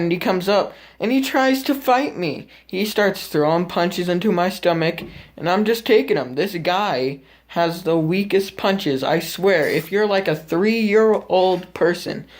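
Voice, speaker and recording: A teenage boy vlogging, casually telling a story to the camera, animated and full of swearing as he acts out what happened. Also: high voice. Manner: animated, profane, acts out the scene.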